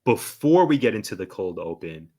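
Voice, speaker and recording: A man's voice: fairly low pitch, very animated, moderate pace, mellow. A man hosting a casual TV recap podcast, upbeat and prompting his guest with questions. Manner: upbeat, reads plot summaries and prompts guest. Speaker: podcast host.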